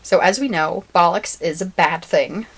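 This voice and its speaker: A woman's voice: lowish voice, moderate pace, breathy edge. A woman co-hosting a podcast in casual chat, laughing often and sharing facts she has looked up. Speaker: podcast co-host.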